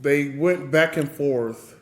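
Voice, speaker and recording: A man's voice: on the high side, slow, echoey room. A man co-hosting a podcast in casual chat, loose and full of fillers. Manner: loose, laughing, filler-heavy. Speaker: podcast co-host.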